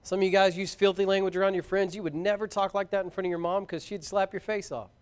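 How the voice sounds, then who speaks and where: A fervent high-pitched male preacher. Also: fairly even intonation, fast, clean tone. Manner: fervent, shouting out exhortations. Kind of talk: sermon.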